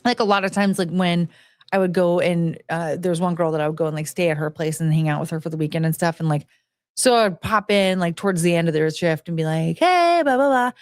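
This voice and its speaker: A woman's voice: lowish voice, steady tone, quick pace, darkish tone, no room sound, studio quality. A woman hosting a podcast, telling stories in a rambling, frank way with lots of fillers and restarts. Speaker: podcast host. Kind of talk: casual monologue about past jobs.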